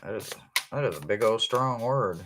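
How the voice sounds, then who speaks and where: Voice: medium pitch, moderate pace, noisy background. Rambling, laughing psychic reader. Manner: rambling and chatty, laughs often, informal slang. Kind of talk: casual live reading for viewers.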